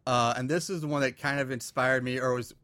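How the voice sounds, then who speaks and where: A man hosts a casual podcast in an ordinary mid-pitched voice, rambling, joking and using lots of filler words. The sound is close and dry. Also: fairly even intonation, a little fast, pushed and bright, no room sound. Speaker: podcast host.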